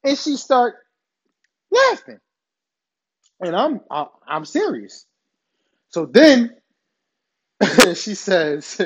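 A man telling a crude personal story in a casual, animated way, laughing often and swearing freely. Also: high-pitched, extremely slow, pauses often, breathy edge.

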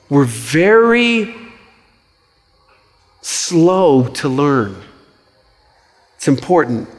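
Man preaching in a reverberant hall. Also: a little high. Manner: conversational, animated storytelling with quick asides. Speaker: pastor. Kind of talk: sermon.

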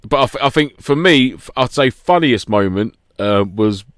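A podcast co-host with a medium-pitched, animated voice tells stories in a loose, casual chat packed with banter, swearing, and laughter. He speaks at a moderate pace with a fairly bright tone, recorded cleanly in a studio with no room sound.

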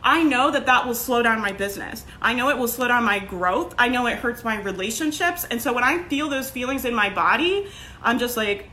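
Young woman business coach, bright higher voice, chatty "like" habit, faint room hiss. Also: expressive, brisk. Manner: casual, lots of "like" and "right?"; candid, swears now and then. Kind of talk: motivational talk to an audience.

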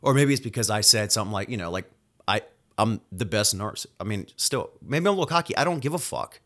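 A man's voice: on the low side, animated, fairly bright tone. A man who is a nurse hosting his own solo podcast, venting angrily and swearing freely as he rants about his workplace. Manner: angry, profane, rapid-fire venting.

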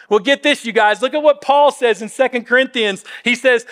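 A pastor in his fifties preaching a sermon in a church, earnest, sometimes dropping to a soft near-whisper for emphasis. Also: very high-pitched, moderate pace, long reverb tail. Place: church auditorium.

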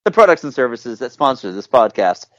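A man's voice: medium pitch, sing-song, fairly quick, no room sound, lo-fi sound. A man hosting a podcast in casual chat, joking and sarcastic as he runs the show. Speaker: podcast host.

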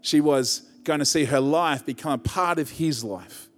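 Pastor preaching in a reverberant hall. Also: male voice, a little high, moderate pace, faint music behind. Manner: conversational preaching, builds to emphatic rises. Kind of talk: sermon.

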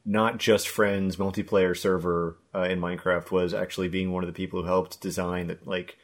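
A man's voice: low voice, level tone, moderate pace. A man co-hosting a gaming podcast, talking in a rambling, hesitant way with many fillers. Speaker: podcast co-host. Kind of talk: casual gaming podcast chat.

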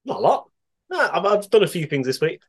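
Lively, laid-back male podcast co-host. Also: sits high, brisk, breathy edge. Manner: laid-back, sweary, laughs often. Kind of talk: casual chat.

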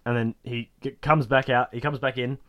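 A man's voice: steady tone, fairly bright tone. Male podcast co-host, casual and joking, breaks into goofy impressions while retelling scenes. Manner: acts out characters in quick squeaky put-on voices while retelling. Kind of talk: casual chat recapping a sitcom episode.

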